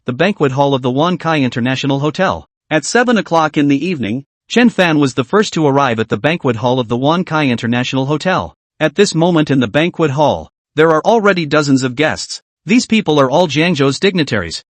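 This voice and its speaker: Male comic recap narrator, lively, fairly high voice, dry close mic. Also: dry recording.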